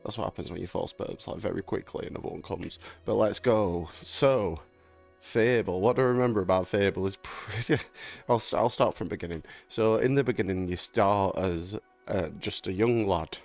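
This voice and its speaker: A young man chats loosely about a game he remembers, swearing freely and laughing between thoughts. His voice is low with a gravelly rasp, and faint music plays behind him. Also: moderate pace, darkish tone. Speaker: gaming vlogger. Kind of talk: casual rambling chat.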